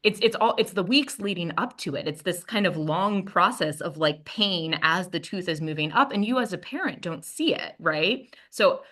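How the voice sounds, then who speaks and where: Conversational woman presenter, lower voice. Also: expressive, moderate pace, hardly any pauses, a bit bright. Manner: conversational, acts out what she said to her baby. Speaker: workshop presenter. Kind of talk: storytelling in a training session.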